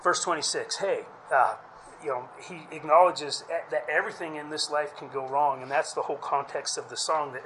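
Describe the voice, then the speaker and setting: A man's voice: a little high, brisk, sharp tone, slight background noise, poor audio. A man preaching a sermon in a conversational way, often restarting phrases and asking the listeners questions. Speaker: pastor.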